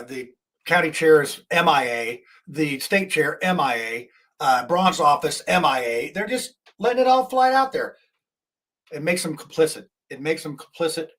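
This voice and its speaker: Male host, fired-up rambling commentary, somewhat high voice. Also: fairly bright tone. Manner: indignant, rambling, restarts often. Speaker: talk show host. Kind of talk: political commentary.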